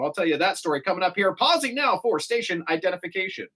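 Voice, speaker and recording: A man hosting a morning radio show from a studio, chatting casually and telling stories with quick asides. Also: high-pitched, sing-song, bright, forceful tone.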